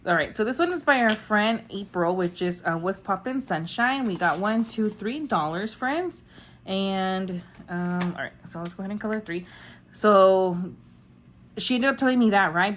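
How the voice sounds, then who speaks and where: A woman's voice: mid-range voice, a little hiss or hum. A young woman telling a story in casual, rambling chat, full of fillers. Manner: chatty, rambling, lots of fillers. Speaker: budgeting vlogger.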